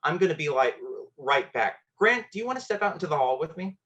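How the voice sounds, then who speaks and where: A man quoting a calm, kind teacher. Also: a little high, quick pace, highs cut off, pitched above the performer's own voice. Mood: gentle. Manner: cool, gentle and firm. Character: kind, calm woman high-school teacher.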